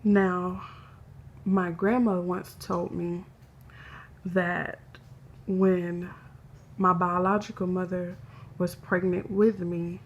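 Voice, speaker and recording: A woman speaking in a hesitant, halting way as she records a confessional personal vlog, emotional and close to tears. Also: on the low side, flat delivery, highs cut off, slight background noise. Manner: hesitant, halting, soft-spoken. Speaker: vlogger.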